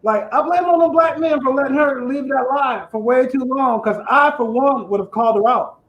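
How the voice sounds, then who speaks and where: A man's voice: very high voice, normal speed, highs cut off. A man with a lisp hosting an online comedy show, telling profane stand-up jokes and laughing at his own lines. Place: house in Detroit.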